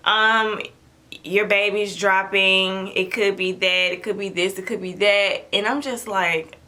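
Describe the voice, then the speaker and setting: A young woman vlogger tells her own story to camera in an animated, chatty, dramatic way, acting out what people said. Her voice is medium in pitch, pushed and bright.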